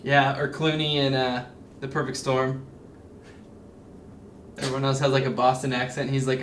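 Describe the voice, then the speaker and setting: A man's voice: mid-range voice, level tone, normal speed, pauses often, a bit bright. A man reviewing a movie with friends, joking and sarcastic. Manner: jokey, sarcastic storyteller. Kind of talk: casual podcast banter. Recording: echoey room with faint noise.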